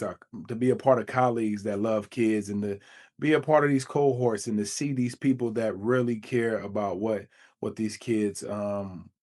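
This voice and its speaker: A man, a teacher co-hosting a podcast, reflecting in casual chat over a video call and acting out quotes with a higher voice. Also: darkish tone. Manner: reflective, acts out quotes with a jump in pitch.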